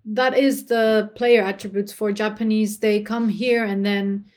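A woman's voice: medium pitch, fairly even intonation, unhurried, a little mellow. A young woman from Germany, a former footballer, telling her experiences in a casual interview, chatty with many fillers. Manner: chatty, many fillers, laughs between phrases.

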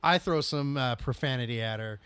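A man's voice: mid-range voice, a little fast, fairly bright tone, clear, resonant tone, no room sound. A man co-hosting a podcast, joking and chiming in during casual chat.

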